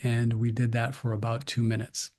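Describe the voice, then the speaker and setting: A man giving slow, calm, gentle breathing cues as a breathwork instructor. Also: mid-range voice.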